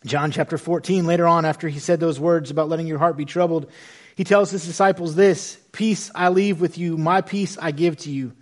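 Animated high-voiced preacher man. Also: fairly quick. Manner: animated, conversational, self-deprecating humor. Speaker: pastor. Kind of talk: sermon.

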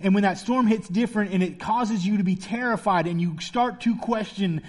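Guy pastor preaching, high voice, chatty and joking. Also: normal speed, hardly any pauses, darkish tone. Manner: conversational, playful storytelling preacher. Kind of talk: sermon.

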